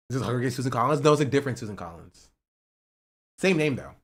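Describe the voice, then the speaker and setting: A man ranting on a livestream about politics. He swears, says "bro" and repeats himself, swinging between loud outbursts and muttering. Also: medium pitch, expressive, normal speed. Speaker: streamer. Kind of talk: heated political rant on a livestream.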